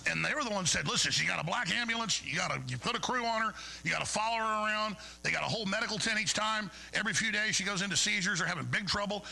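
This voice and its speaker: Gravelly, fired-up male talk host. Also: high voice, pushed and bright, rough recording. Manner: angry, digressive, mocking impressions. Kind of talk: ranting monologue.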